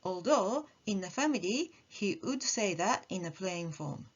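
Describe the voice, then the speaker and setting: A woman teaching a lesson, her voice rising and falling a lot as she acts out example phrases. Her tone is soft and breathy, and she explains things patiently. The audio sounds a little muffled and dull. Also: mid-range voice. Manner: slow, careful explanation with animated demonstrations of intonation. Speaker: language teacher.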